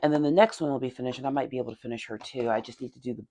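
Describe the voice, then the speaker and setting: A woman's voice: very deep voice, fairly even intonation, very fast, mellow. A chatty woman with a Tennessee Southern accent, talking through her miniature painting. She laughs often and mutters and whispers to herself as she works. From Tennessee, USA. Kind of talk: casual hobby vlog.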